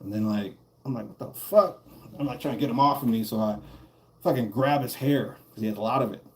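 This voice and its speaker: A man's voice: mid-range voice, fast talker, darkish tone. A man streaming a game while telling a story in a casual, profane, rambling way, laughing between lines.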